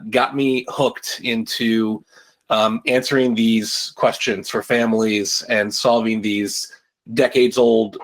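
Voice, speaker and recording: Hesitant man answering with many ums. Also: mid-range voice. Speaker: guest, lead historian. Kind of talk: interview answers.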